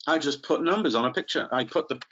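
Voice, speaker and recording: A man's voice: fairly high pitch, lively intonation, quick pace, a bit bright, lo-fi sound, slight background noise. A man training teachers in a live online webinar, chatty and playful, calling on participants by name.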